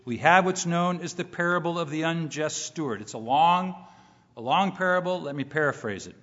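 A middle-aged man preaching a sermon, emphatic, repeating key phrases and rising in pitch when he quotes scripture. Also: normal speed, a bit bright. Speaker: pastor. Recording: muffled recording with long hall reverb.

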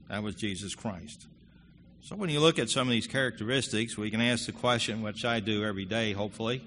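A man with a bright, forceful voice preaching in a church hall. He moves between plain conversational talk and louder, emphatic reading of scripture. The sound carries a long reverb with a faint hum of the room behind it. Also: fairly low pitch. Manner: earnest preaching, rising loud when quoting scripture. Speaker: pastor. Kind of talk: sermon.

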